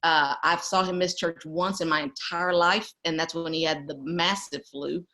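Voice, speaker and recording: A woman's voice: deep voice, fairly even intonation, normal speed, sharp tone. A middle-aged woman from East Texas, telling a family story as an interview guest. She tells it with animation and laughs often.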